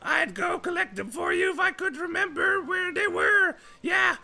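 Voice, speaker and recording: A man voicing a frantic little mushroom man from a video game, shouting his lines in a squeaky, panicky voice. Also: expressive, moderate pace, vocal fry, exaggerated voice. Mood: panicked.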